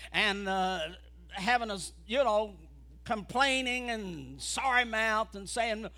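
Fiery shouting preacher man. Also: slow. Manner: builds from low speech to shouted preaching. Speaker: evangelist preacher. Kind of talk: fiery revival sermon.

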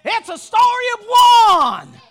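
A man with a very high voice preaches a sermon at an unhurried, drawn-out pace. His delivery is impassioned and swells into shouting, and his voice breaks into a cry at the peaks. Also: very animated.

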